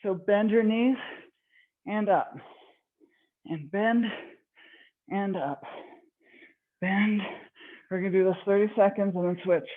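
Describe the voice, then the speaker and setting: A woman's voice: medium pitch, fairly even intonation, slow pace, long pauses. A woman fitness instructor leading a live online workout class, slightly out of breath, encouraging and counting reps. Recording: tinny phone-like online call audio.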